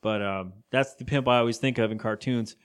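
A man's voice: medium pitch, fairly quick, clean tone. A man co-hosting a podcast, chatting casually as he recaps a cartoon episode, rambling and laughing often. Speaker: podcast co-host.

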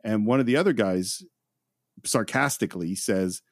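A man co-hosting a podcast in a casual film discussion, who retells scenes in an animated way. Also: on the low side, moderate pace, no echo. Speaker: podcast co-host.

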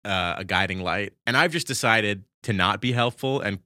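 Sharp-voiced man teasing in dry chat. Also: fairly low pitch, normal speed, dry recording. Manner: crude, deadpan teasing. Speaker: podcast co-host, comedian. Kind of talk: casual comedy podcast chat.

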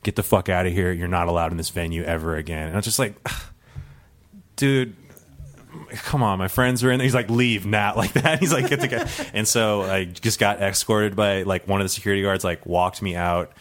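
A man's voice: sits low, moderate pace. A man telling a long true story with many fillers, laughing now and then and acting out the other people in it. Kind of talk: storytelling for a live audience.

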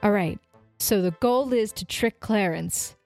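A woman's voice: mid-range voice, a little slow, gravelly, darkish tone, no echo, soft background music. A woman playing a tabletop game, taking charge and laying out plans point by point. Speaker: player.

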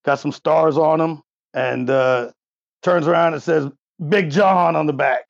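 A man's voice: on the high side, fairly even intonation, a little slow, creaky, no echo. A man in his forties running a tabletop game as game master, laid-back and joking. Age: 40s. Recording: dull lo-fi dry mic.

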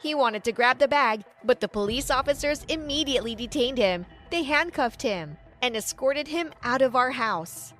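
A woman's voice: high-pitched, animated, normal speed, hardly any pauses, fairly bright tone, soft background music. A woman narrating a first-person story in an earnest, dramatic storytelling manner.

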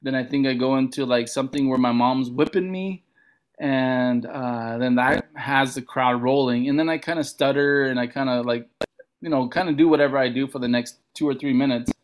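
A man from a Montana reservation telling a casual story as a comedian guest, acting out other people's lines with big jumps in pitch. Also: moderate pace. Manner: animated, acts out quoted voices with big pitch jumps.

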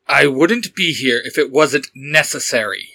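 A man's voice: mid-range voice, lively intonation, a little slow, creaky, bright, forceful tone, no echo, full character voice. A man voicing a stern young male vigilante who gives clipped, firm commands in a fan audio story.

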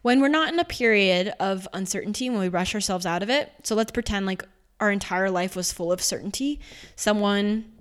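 A young woman hosting a reflective spiritual coaching talk, calm and guiding, slowing into a soft meditative voice for a grounding exercise. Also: mid-range voice, clean tone.

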